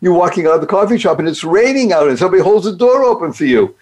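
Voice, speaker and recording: A man's voice: sits high, big pitch swings, rapid-fire, darkish tone. A man hosting his own show, giving a playful, upbeat motivational talk full of acronyms and wordplay. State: speaks despite paralysis from a rare disease. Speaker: podcast host. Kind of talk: motivational monologue.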